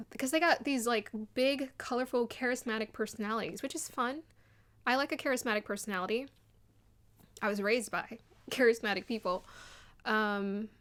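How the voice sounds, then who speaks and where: A young woman giving casual, animated commentary on a dating show, acting out quotes in an excited voice. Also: on the high side. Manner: chatty and animated, mimics people in quotes.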